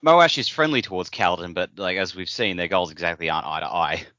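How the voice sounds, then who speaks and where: A man's voice: low-pitched, quick pace, sharp tone, no room sound. A man co-hosting a podcast, chatting casually and joking about a book. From Australia. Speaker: podcast co-host. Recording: dry, dull lo-fi audio.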